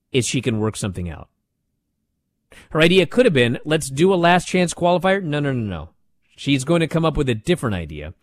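A man casually recapping a wrestling show, animated and sarcastic as he tells it. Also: mid-range voice, no room sound.

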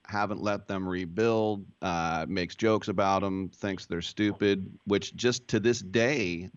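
Man, radio host, very low voice, dry close sound, muffled lo-fi audio, rambling questions. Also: clean tone, no echo. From Berkeley, California. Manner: loose, rambling questions with frequent fillers. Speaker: sports talk radio host. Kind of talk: casual radio interview. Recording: dull, lo-fi broadcast sound.

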